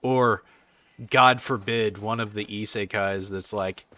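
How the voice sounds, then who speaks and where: A man's voice: on the low side, fairly even intonation, slow pace, bright, forceful tone, a little hiss or hum. A man chatting casually on a game stream, rambling and swearing as he answers chat.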